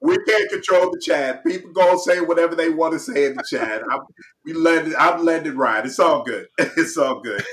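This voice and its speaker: A man's voice: fairly high pitch, a little fast, fairly bright tone, slight background noise. A man co-hosting a casual chat show. He laughs often and acts out quotes. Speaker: podcast co-host.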